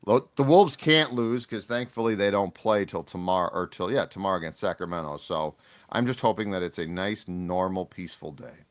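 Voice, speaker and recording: A man's voice: deep voice, fairly quick. A young man talking sports and chatting in an easygoing, bantering way on a talk show. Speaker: sports reporter. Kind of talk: casual chat.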